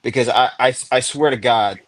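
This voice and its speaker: A man's voice: mid-range voice, normal speed, no echo. A man hosting a late-night call-in panel, telling stories in a joking way and laughing as he talks. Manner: jokey storyteller, laughs through his lines. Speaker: host. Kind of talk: casual call-in chat.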